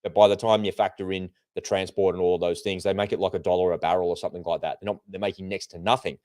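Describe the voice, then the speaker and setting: Deep-voiced guy co-hosting a live show, walks through points one by one, dry sound. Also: flat delivery, quick pace, a little mellow, dry recording. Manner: conversational, laying out points step by step with asides. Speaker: co-host. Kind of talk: live political and market talk show. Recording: remote broadcast with slight delay.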